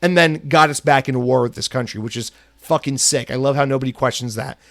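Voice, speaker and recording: A man's voice: mid-range voice, fast talker, gravelly, dry recording. A man hosting a solo podcast, from the United States, ranting angrily with heavy profanity. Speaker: podcast host.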